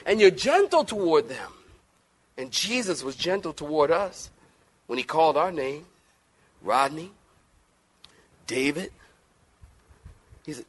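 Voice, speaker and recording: Here a male pastor gives an animated sermon, alternating forceful statements with gentle ones and kidding around with the congregation. His fairly high, slightly rough voice moves slowly, broken by long pauses.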